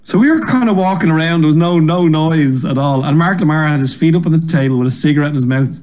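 An Irish man, a comedian and guest, telling energetic, rambling stories in a casual interview and swearing freely. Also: a little high, fast talker, slight background noise. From Ireland.

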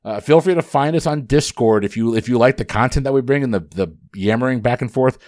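A man hosting a trivia podcast, running the quiz in brisk, upbeat patter. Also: medium pitch, darkish tone, no room sound, clean studio sound.

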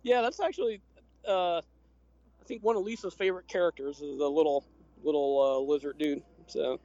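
A man's voice: on the high side, moderate pace, a little mellow, dry recording. A man co-hosting a casual chat, explaining things in an easygoing way and laughing often. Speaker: podcast co-host. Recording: dry, dull lo-fi sound.

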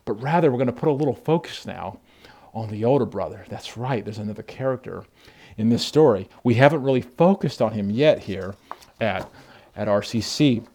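Pastor guy preaching, animated storytelling, repeats himself a lot. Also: mid-range voice, moderate pace. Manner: animated storytelling with frequent restarts. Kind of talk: sermon.

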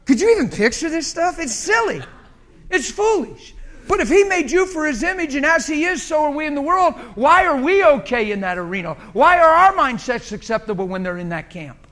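A pastor preaching with folksy humor and plain, colloquial talk. His voice is unusually high for a man and bright, with a forceful, sharp edge. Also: sing-song, brisk. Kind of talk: sermon.

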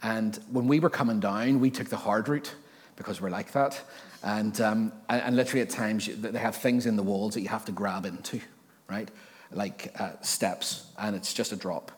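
A man preaching a sermon as pastor in a lively, conversational way, joking now and then and often restarting or repeating words as he thinks aloud. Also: fairly low pitch, moderate pace. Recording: long reverb of a church hall.

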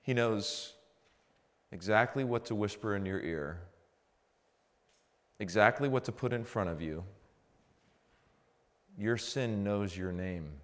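A middle-aged man, a pastor, preaching a conversational sermon that swings between quiet reflection and animated storytelling. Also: lowish voice, takes it slowly, pauses often. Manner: conversational preaching, builds to animated frustration in anecdotes.

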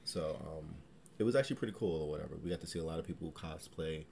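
Deep-voiced male podcast co-host. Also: fast talker, gravelly, a little hiss or hum. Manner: relaxed, hesitant, lots of ums. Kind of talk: casual chat.

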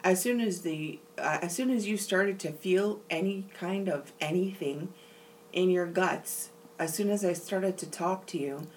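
Woman on a podcast, kinda low voice, sits a bit back from the mic, earnest and emphatic. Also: measured pace, a little mellow, distant mic, a little hiss or hum, rough recording. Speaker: podcast co-host. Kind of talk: candid personal conversation.

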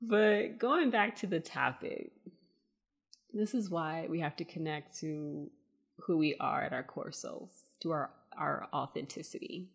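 Soft-spoken woman hosting a spiritual podcast. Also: sits low, slow pace, gravelly, pauses often, breathy edge. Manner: soft, meandering, with frequent fillers and laughs; addresses listeners as y'all. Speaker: podcast host. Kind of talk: casual spiritual podcast monologue.

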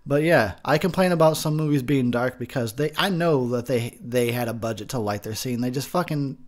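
A man giving a rambling, profane movie commentary from his home mic, ranting as he drinks. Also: medium pitch. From Texas. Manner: rambling, swearing, frustrated ranting. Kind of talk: drunk casual movie commentary. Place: home room near a window. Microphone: home recording mic.

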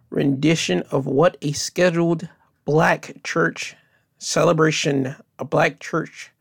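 A man hosting a solo podcast, speaking in an unhurried way with restarts and emphatic repeats. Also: on the high side, gravelly. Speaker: host.

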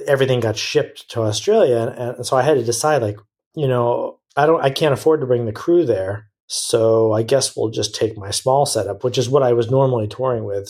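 A man talking frankly as a guest on a casual podcast, rambling through long answers that restart and correct themselves mid-thought. His voice is gravelly and husky, set at an ordinary male pitch. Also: darkish tone. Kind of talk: casual interview chat.

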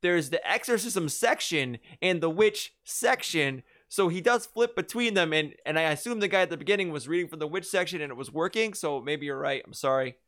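Man podcast co-host, thinks out loud, slightly high voice. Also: expressive. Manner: quick, musing, self-correcting. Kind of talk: casual movie-review chat.

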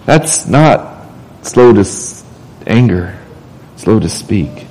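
A man's voice: fairly low pitch, animated, slow pace, long pauses, warm tone, slightly rough, rough recording. A man preaching a sermon in a casual, conversational way. He often restarts and repeats words as he talks. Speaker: pastor.

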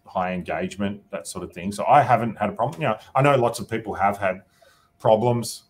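Husky low-voiced Australian man. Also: fairly quick. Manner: thinking aloud, often adds "you know" and "right?". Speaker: politician guest. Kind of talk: casual interview answers.

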